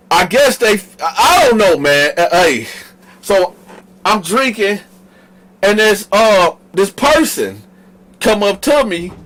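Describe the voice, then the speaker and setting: Speaking straight to the audience, this northern U.S. man hosts and spins a story with casual, animated slang. His pitch sits high, and the audio quality is poor.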